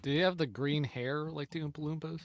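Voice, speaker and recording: A man's voice: on the high side, fairly even intonation, dry recording. A man co-hosting a hunting podcast, firing off absurd wisecracks among friends. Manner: wisecracking, quick with absurd jokes. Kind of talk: casual banter among friends.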